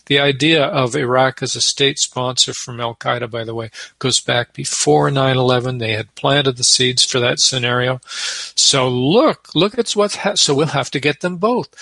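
A man speaks with a gravelly grain and a bright, forceful edge, laying out his points in a measured, explanatory way. He is an author and peace activist answering interview questions with a wry touch. The sound is close and dry. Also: mid-range voice, dry recording.

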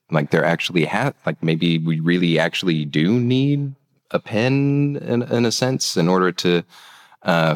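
Deep-voiced man in a reverberant room. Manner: musing, tentative phrasing. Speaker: podcast panelist. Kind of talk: casual group discussion.

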